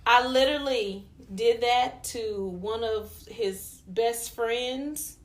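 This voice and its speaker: A woman co-hosting a podcast, telling a story in casual chat, animated and profane, laughing as she goes. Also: fairly high pitch, slow. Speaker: podcast co-host.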